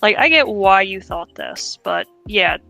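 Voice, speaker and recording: A woman's voice: medium pitch, expressive, a little slow, gravelly, bright, forceful tone, faint music behind. A woman co-hosting a casual talk show, reading viewer comments aloud with a playful twang. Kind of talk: casual podcast chat.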